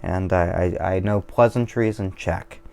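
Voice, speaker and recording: Brief: male vlogger, deep and gravelly, loose digressive monologue, swears freely, pokes fun at himself. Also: unhurried, darkish tone. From Washington State, USA. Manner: digressive, profane, self-deprecating. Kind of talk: casual rambling monologue over beer.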